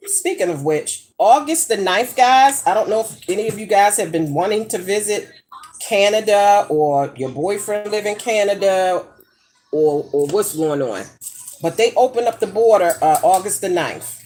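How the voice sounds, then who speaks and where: Brash, lively woman vlogger. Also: mid-range voice, moderate pace, slight background noise. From United States. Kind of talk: casual chat while cooking. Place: home kitchen.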